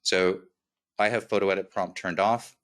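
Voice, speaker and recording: A man with a slight lisp presenting a software demo in an upbeat, quick webinar walkthrough, often checking in with "right?". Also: low-pitched, steady tone.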